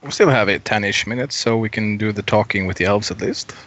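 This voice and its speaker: Bright-voiced joking man player. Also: lowish voice, a little fast, a little hiss or hum. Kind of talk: tabletop role-play.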